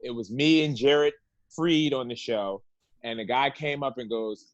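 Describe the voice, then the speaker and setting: A man's voice: mid-range voice, unhurried, no room sound, dull audio. A man, a comedian guest on a casual comedy podcast, teasing others and telling stories with lots of laughter.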